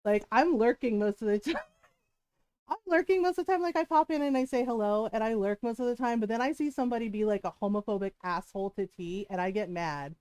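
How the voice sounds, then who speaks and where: A woman's voice: medium pitch, fast talker, a little mellow, smooth, dry recording. A woman streamer in casual livestream chat, ranting animatedly, swearing, laughing often and greeting viewers as she talks.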